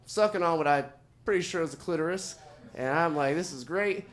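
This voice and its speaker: A man from Oklahoma performing a stand-up set, telling a story in a conversational way with deadpan asides. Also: a little high, brisk. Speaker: stand-up comedian. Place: comedy show venue with audience.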